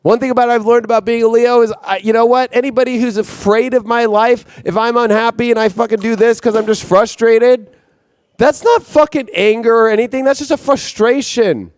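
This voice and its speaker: A man hosting an impassioned astrology monologue, intense and profane, circling back on his own phrases. His voice sits very high for a man. The sound is dry and close. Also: steady tone, fairly quick, smooth, dry recording. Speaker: astrologer host.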